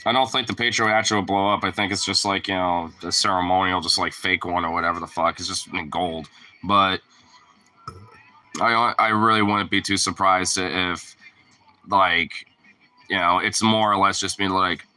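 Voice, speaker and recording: Low-voiced man with a sharp, bright tone. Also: steady tone, normal speed. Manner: rambling and profane, full of "like" fillers. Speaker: streamer. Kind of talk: casual chat.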